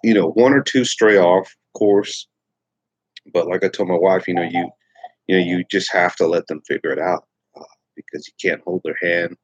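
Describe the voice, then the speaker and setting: A man's voice: deep voice, steady tone, moderate pace, slightly rough, no echo, lo-fi sound. A middle-aged man from Texas hosting a casual morning livestream, rambling with many fillers and restarts. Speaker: livestream host.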